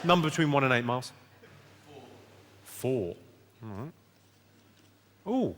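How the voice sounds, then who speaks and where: A man doing stand-up crowd work, firing off deadpan put-downs at hecklers. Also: mid-range voice, normal speed. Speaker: stand-up comedian. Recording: live theatre show, loud crowd laughter. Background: audience laughing and applauding.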